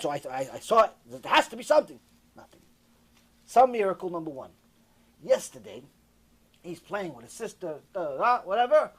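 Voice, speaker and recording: Man with a high voice, rabbi, animated sermon storytelling, repeats lines for effect. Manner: animated, repetitive storytelling that acts out dialogue.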